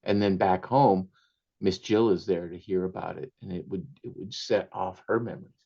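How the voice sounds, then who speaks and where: A man's voice: sits low, steady tone, normal speed, gravelly, warm tone, highs cut off. An older man, an author, telling family anecdotes in an interview, laughing often and slipping into Spanish phrases. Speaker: author guest. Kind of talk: storytelling interview.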